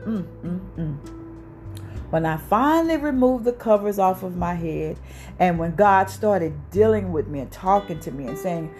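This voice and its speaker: Animated woman giving a motivational talk. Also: lowish voice, measured pace, faint music behind. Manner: animated, preachy, laughs often. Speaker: motivational speaker.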